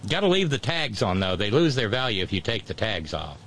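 A man's voice: on the low side, sing-song, brisk, a bit bright. A man hosting a talk show, chatting about politics in a wry, digressive way and chuckling at his own jokes.

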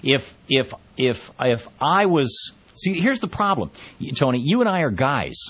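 A man's voice: mid-range voice, very animated, moderate pace, husky. A man hosting a call-in radio show, talking conversationally with many restarts and repeated words. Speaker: radio talk show host. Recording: muffled lo-fi radio broadcast.

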